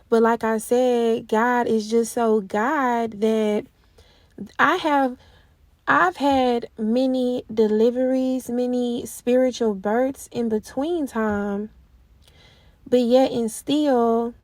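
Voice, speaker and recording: A young woman telling a casual spoken testimony in an animated way, laughing often. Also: fairly high pitch, dry recording. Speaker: Christian vlogger sharing a testimony.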